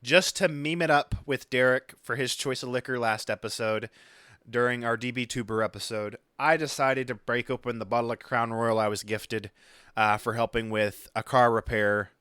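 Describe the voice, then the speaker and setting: A man's voice: mid-range voice, steady tone, moderate pace, pushed and bright, clear, resonant tone, no echo, studio quality. A laid-back, joking man with an Oklahoma Southern twang, co-hosting a podcast in casual chat. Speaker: podcast co-host.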